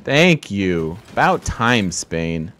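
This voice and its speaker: A man's voice: deep voice, very animated, extremely slow, a bit bright. A man streaming a strategy game, chatting casually and thinking aloud about his moves with self-deprecating remarks. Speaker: let's play streamer. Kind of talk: casual gameplay commentary.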